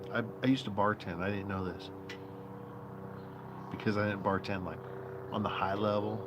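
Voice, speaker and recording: Male streamer host, lowish voice, loose rambling profane chatter, outdoor noise behind. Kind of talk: casual live-stream chat. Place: outdoor patio.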